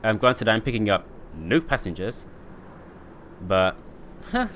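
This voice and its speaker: Young guy commenting on his game, lively up and down voice, bit of game hum behind. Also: lowish voice, takes it slowly. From United Kingdom. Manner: chatty, joking, talks to chat. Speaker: streamer. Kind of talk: casual gameplay commentary.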